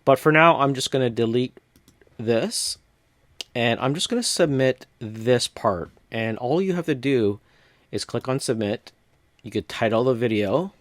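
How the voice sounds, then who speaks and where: Male tutorial host, step-by-step casual walkthrough, dry close sound, mid pitch. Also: unhurried, no room sound. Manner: relaxed step-by-step narration with casual fillers. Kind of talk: screen-recorded software walkthrough.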